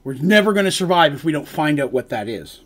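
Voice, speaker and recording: A man's voice: a little high, big pitch swings, fast, fairly bright tone. A man streaming as game master, rambling through a recap of his tabletop story and quoting the characters' lines. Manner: rambling, retells scenes with quoted lines.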